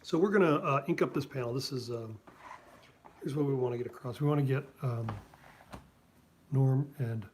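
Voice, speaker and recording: Drawing live on stream, a cartoonist rambles in casual conversation, full of fillers and asides. He speaks at medium pitch and a moderate pace with long pauses, and his tone is somewhat dark; faint background noise is present.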